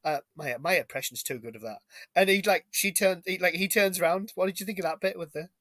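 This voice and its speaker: A man's voice: sits high, brisk, a bit bright, dry recording. A British man hosting a podcast, talking casually about a film and telling stories with jokey asides. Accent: British English. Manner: chatty storyteller, jokey asides. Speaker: podcast host. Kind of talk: casual film review chat.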